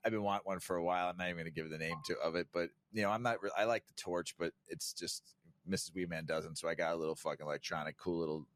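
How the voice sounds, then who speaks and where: A man hosting a casual podcast, talking in a laid-back, profane way, laughing often and acting out his own reactions. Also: low voice. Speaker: podcast host. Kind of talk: casual stoner chat.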